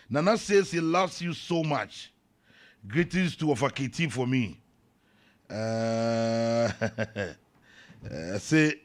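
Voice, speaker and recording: A man with a Ghanaian accent hosting a morning radio show, chatting casually and reading listener messages and news in an animated way. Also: medium pitch, drawn-out words, long pauses. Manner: animated, switching between Twi and English, reads messages aloud. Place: radio studio.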